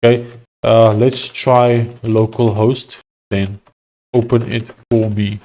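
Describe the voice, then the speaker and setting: Slow and dark-toned, with little pitch movement, this South African man's mid-range voice comes through a muffled recording. As a developer streamer, he chats casually while coding, thinking out loud, hesitant, frequently restarting his sentences.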